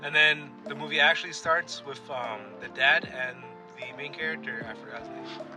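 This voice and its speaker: A man's voice: on the high side, fairly even intonation, normal speed, music in the background. A man co-hosting a podcast in casual chat, laid-back and swearing, trailing off mid-sentence. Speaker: podcast co-host.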